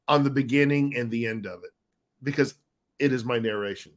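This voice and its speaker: A man's voice: medium pitch, fairly quick. Joking man co-hosting a livestream. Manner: joking, teasing, playful. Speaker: co-host and audiobook narrator. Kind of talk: casual livestream chat.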